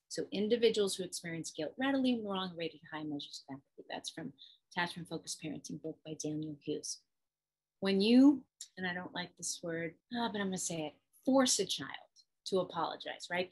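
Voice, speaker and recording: Woman host with a husky voice, animated teacher who acts out examples for parents. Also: on the low side, low-quality recording. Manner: expressive, acts out parent and child. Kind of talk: instructional talk to camera.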